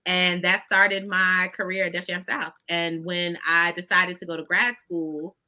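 A woman guest on a talk show, telling stories in an expressive, folksy way and often addressing listeners directly. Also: fairly low pitch, measured pace. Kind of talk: conversational storytelling.

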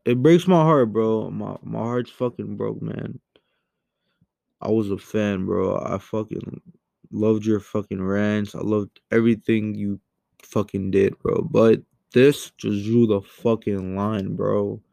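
Young guy ranting into his mic, low gravelly voice, dark tone, cusses a lot, goes loud then mutters. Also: steady tone, takes it slowly, no room sound. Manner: profane, heated, swings between yelling and muttering. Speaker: commentary host. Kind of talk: angry ranting commentary. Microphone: home microphone.

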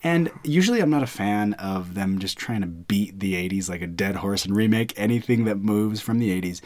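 A low-pitched man in a relaxed pop-culture chat. He is opinionated, lays out his views and argues them with friends. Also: a little fast, a little hiss or hum. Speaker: podcast co-host. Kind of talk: casual chat.

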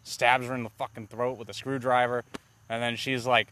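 A man co-hosting a casual movie review podcast, talking in a rambling, animated way with plenty of swearing. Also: medium pitch, normal speed, slight background noise. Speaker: podcast co-host.

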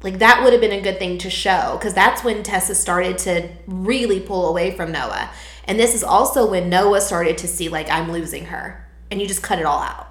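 A woman's voice: medium pitch, normal speed, echoey room. A woman in her thirties co-hosting a podcast in casual chat, gushing and laughing often. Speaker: podcast co-host.

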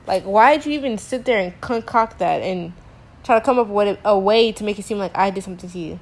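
A woman's voice: medium pitch, fast talker. A young woman telling a frustrating story to camera in a casual rant, exasperated and slangy, with many filler words. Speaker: teacher.

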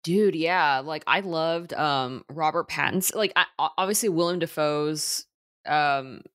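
A woman's voice: sits low, measured pace, fairly bright tone, no echo, clean studio sound. A woman co-hosting a casual movie podcast, chatty, with lots of fillers and restarts. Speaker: podcast co-host.

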